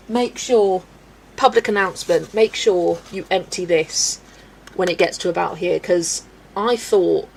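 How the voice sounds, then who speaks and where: A woman's voice: mid-range voice, a little hiss or hum, rough recording. A woman hosting a colouring live stream, chatting casually with viewers and giggling often. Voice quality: gravelly creak in the voice. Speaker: colouring livestream host.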